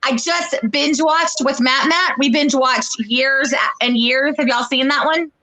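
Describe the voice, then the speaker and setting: A woman co-hosting a casual show chat, talking in a chatty, animated way and acting out quoted lines when she retells a story. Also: high voice, measured pace, poor audio. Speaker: co-host.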